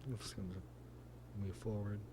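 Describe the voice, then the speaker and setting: A man's voice: lowish voice, flat delivery, normal speed, dark tone, husky. A man hosting a live stream, ranting in heated, profane reaction commentary. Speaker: streamer host.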